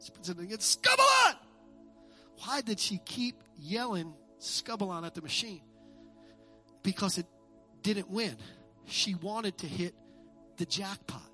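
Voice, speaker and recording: A man preaching a sermon as a pastor, animated and joking with his congregation in a church. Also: high-pitched, measured pace, pauses often, faint music behind. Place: church sanctuary.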